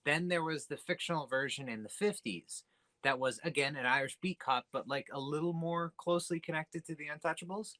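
A man's voice: a little high, brisk, pushed and bright, dry recording, low-quality recording. A tipsy man co-hosting a podcast, teasing his co-hosts and dropping movie trivia in casual chat. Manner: teasing, eager to drop trivia. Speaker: podcast co-host.

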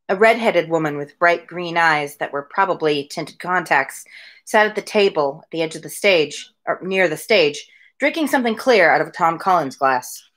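A woman reading a novel aloud from her home on a daily livestream, her voice pitched slightly low. She moves between the narration and casual, chatty asides addressed to her viewers. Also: animated, moderate pace, a bit bright. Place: home room with window blinds.

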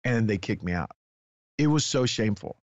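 A man, a guest author telling a lively personal testimony and acting out the dialogue. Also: fairly low pitch, normal speed, no echo, lo-fi sound. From Texas. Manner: excitable storyteller, acts out dialogue.

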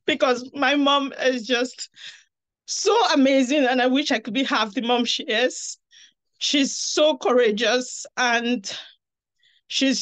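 A woman giving a heartfelt, halting tribute over a video call, drawing out her words. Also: on the high side. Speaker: guest speaker, daughter of the author. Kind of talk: emotional tribute speech.

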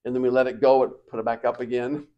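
A male pastor preaching a sermon, swinging between quiet reflective passages and loud, emphatic declarations. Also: mid-range voice, flat delivery, fast, clean tone, highs cut off. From United States.

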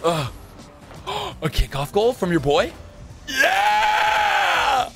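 A young man in casual, jokey gameplay commentary, excitable and quick to shout and laugh. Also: extremely high pitch, gravelly. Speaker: gaming YouTuber.

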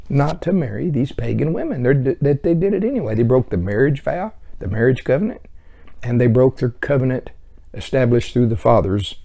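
A man's voice: mid-range voice, creaky, warm tone. A man teaching verse by verse through a Bible book in a conversational way, with chuckling asides.

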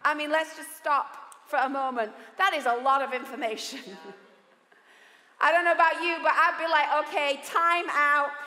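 A woman pastor preaching a sermon, lively and humorous, acting out the voices she quotes. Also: sits high, unhurried. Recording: echoey hall with long reverb.

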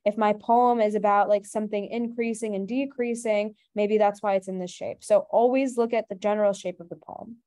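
A woman tutor gives a brisk webinar lesson in a mellow, darker voice. She explains step by step and keeps asking rhetorical questions to guide her students. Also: mid-range voice, steady tone. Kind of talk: online webinar teaching.

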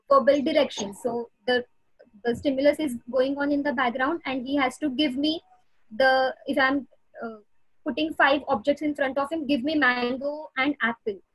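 A woman speaks in a high voice. She walks through ideas in a webinar, stopping often on "uh" as she finds her words. The sound is dry and close over a video call. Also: dry recording, poor audio. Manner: explanatory, many hesitations. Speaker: audiologist speaker. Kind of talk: webinar explanation.

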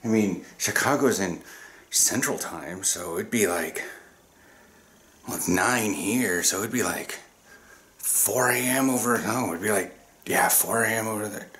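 A man's voice: fairly low pitch, unhurried, a bit bright. A man from the US Pacific Northwest chatting casually to camera in a vlog, swearing freely and laughing often. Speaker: vlogger.

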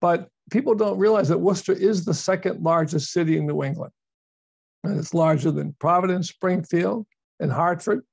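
A man's voice: high voice, normal speed, vocal fry, breathy edge, no echo. A man giving a virtual presentation as a university speaker, explaining at length and repeating words for emphasis. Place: video call. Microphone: video call microphone.

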